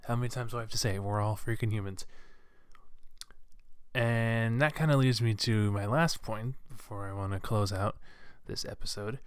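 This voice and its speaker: A man's voice: lowish voice, moderate pace, clean tone, dry recording, clean studio sound. A young man hosting a solo podcast, ranting with many restarts and fillers. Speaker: podcast host.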